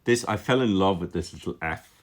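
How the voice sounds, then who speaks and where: In a live-streamed lesson, a calligraphy teacher with a very deep voice gives casual commentary on letters, speaking a little fast. Enthusiastic and musing, he thinks aloud, repeating words, restarting often, and using plenty of filler.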